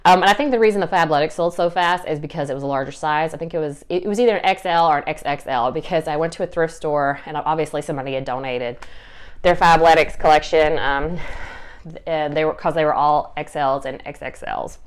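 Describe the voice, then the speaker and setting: A young woman with a Southern US accent talks casually to camera, upbeat and chatty, dropping little laughs and fillers as she goes. Her voice is smooth and clear and sits a little low. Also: fairly quick. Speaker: reseller vlogger.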